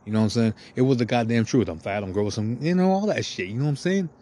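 A man's voice: medium pitch, expressive, fast talker, warm tone. A man talking in a profane, meandering, self-deprecating monologue as a podcast host. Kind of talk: rambling confessional monologue.

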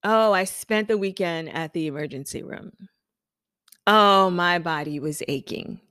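A bone-weary woman client, as a woman puts her on, sighing and half-whispering in a breathy, drawn-out moan. The voice is low and sits close and dry, with no room sound. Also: pushed and bright, no room sound. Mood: complaining. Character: exhausted complaining woman salon client.

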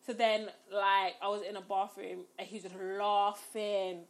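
A woman's voice: medium pitch, measured pace. A young woman telling a funny personal story in casual chat, laughing and acting out what she and others said. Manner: animated, laughing storyteller who acts out her own quotes.

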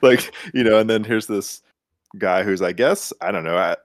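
A man's voice: lowish voice, normal speed, dry recording, clean studio sound. A man guest on a film podcast, talking in a rambling way with many fillers and acting out characters' lines. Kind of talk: casual movie discussion.

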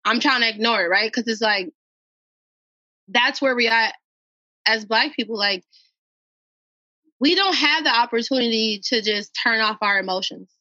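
A woman from Minnesota, a podcast guest, tells an emotional personal story earnestly, repeating phrases for emphasis. Her voice is fairly high, pushed and bright, at a moderate pace with long pauses and no echo, on dull, dry podcast audio.

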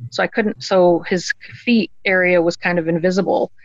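Guest storyteller: woman, middle pitch, earnest and halting, dry and slightly muffled audio. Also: fairly even intonation, no echo. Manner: earnest, halting, many ums and restarts. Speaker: guest telling a personal story. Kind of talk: conversational storytelling.

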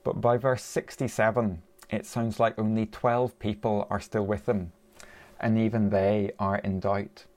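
A man's voice: lowish voice, level tone, a little slow, darkish tone. A man preaching a sermon in a conversational way, asking his listeners rhetorical questions.

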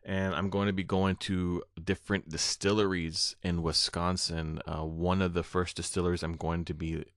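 Very deep, flat-voiced man rambling solo. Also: moderate pace, few pauses, dry recording, clean studio sound. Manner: rambling, many fillers and restarts, apologetic. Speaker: podcast host. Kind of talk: unedited solo podcast talk. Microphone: own microphone into recording software.

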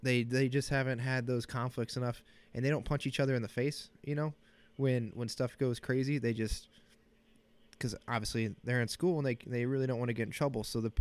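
A man's voice: medium pitch, darkish tone. A man in his thirties hosting a casual solo podcast from a small cold home office, joking, self-deprecating and rambling, with a slight sniffle. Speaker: podcast host.

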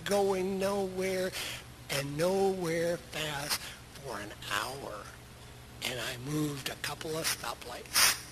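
A middle-aged man preaches to his church in an easy, conversational way, stacking up rhetorical questions for his listeners. His voice sits a little high for a man. A heavy, steady noise runs under the whole recording. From United States. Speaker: pastor. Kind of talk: sermon. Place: church sanctuary. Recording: loud background noise.

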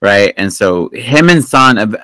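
A man's voice: on the low side, expressive, takes it slowly, a bit bright, clean tone, no room sound, low-quality recording. A man hosting a podcast, recapping a film in a casual, rambling and profane way, full of fillers and restarts. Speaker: podcast host. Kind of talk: casual movie recap chat.

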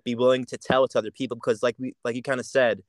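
A young man from Jamaica talks casually as a podcast guest, thinking aloud and circling back over his words. His voice sits at an ordinary middle pitch. The sound is dry and close, with no room around it. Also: flat delivery, very fast, no room sound. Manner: reflective, many restarts and repeated words. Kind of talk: casual chat.

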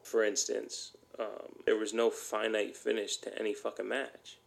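A man's voice: lowish voice, little pitch movement, unhurried, gravelly. A man hosting a solo podcast, ranting bluntly and heatedly, swearing often. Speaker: podcast host.

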